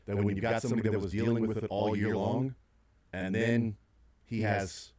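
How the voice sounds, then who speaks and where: A man's voice: lowish voice, fairly even intonation, normal speed, darkish tone. A middle-aged man hosting sports talk radio, rambling through his points with many fillers and restarts.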